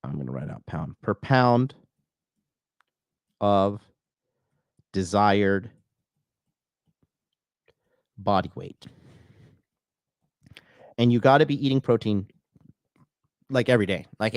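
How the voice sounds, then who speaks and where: Blunt, profane man, low voice. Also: animated, measured pace, pauses often, dry recording, clean studio sound. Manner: blunt, profane, swings into mocking high voices when quoting. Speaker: dating and fitness coach. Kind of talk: casual podcast monologue.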